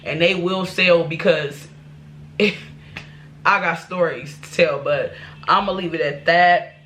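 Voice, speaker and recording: A woman's voice: on the low side, slow, fairly bright tone, slight background noise. A woman vlogger telling a personal life story to her viewers, candid and rambling, with restarts and asides. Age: adult.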